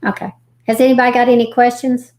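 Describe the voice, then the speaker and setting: A woman hosting a live stream, reading missing persons reports aloud haltingly, with folksy chatty asides. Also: on the high side, level tone, a little mellow. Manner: reads haltingly, stumbling over names and restarting.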